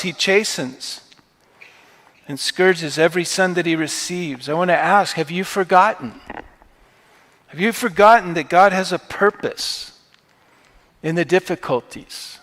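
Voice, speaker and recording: A pastor preaching to his congregation in a relaxed, conversational way, his voice pitched a little high for a man. He pushes hard on his key points, and the long reverb of the hall trails after every phrase. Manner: conversational preaching, rising to emphatic outbursts. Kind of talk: sermon. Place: church sanctuary.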